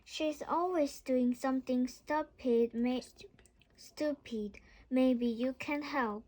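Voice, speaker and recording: A woman's voice: high-pitched, fairly even intonation, takes it slowly, darkish tone. Woman reading bossy mother witch. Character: cranky mother witch who loves badness. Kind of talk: storybook read-aloud.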